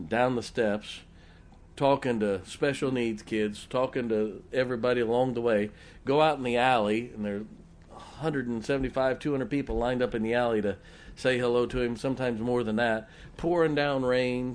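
Folksy man preaching a sermon. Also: mid-range voice. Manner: folksy storytelling, rhetorical questions to the congregation. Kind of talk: sermon with personal stories.

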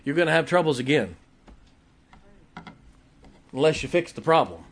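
A man's voice: on the high side, expressive, moderate pace. An older man preaching a sermon, telling folksy stories and laughing as he goes. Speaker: pastor.

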